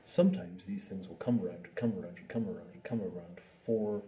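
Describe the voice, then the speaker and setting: A man's voice: deep voice, fairly quick, hardly any pauses, mellow. A man giving an informal talk on meditation. He acts out inner thoughts and repeats words to make his points. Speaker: meditation teacher. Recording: distant mic with faint ambient noise.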